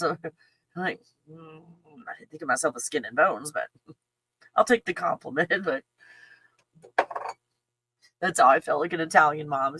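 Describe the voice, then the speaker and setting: A rambling, chatty middle-aged woman hosting a casual livestream. Her voice sits low, and the sound is close and dry, with no room around it. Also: animated, unhurried, pauses often, sharp tone, husky, no room sound. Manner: rambling, chatty, laughs often, talks to her dog. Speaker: channel host.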